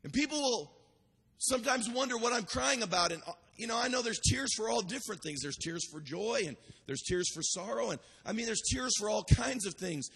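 A man preaching a sermon as pastor, building to shouted cries and repeating phrases with restarts. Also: high voice, lively intonation, brisk, creaky, breathy edge, long reverb tail.

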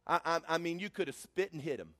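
A man's voice: a little high, lively intonation, fast talker, bright, forceful tone, long reverb tail. A man telling a personal story in a sermon as a preacher, building to emphatic preaching.

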